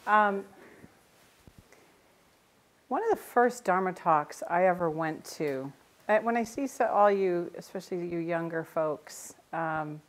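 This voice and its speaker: An older woman, a Zen teacher, giving a conversational dharma talk in a meditation center, telling stories with gentle self-mocking humor. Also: on the low side, expressive, takes it slowly, pauses often.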